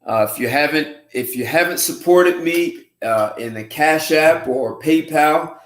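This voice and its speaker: A man hosting a casual livestream show, talking in an unhurried, musing way with frequent restarts and throat clearing. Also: on the high side. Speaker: host. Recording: roomy echo.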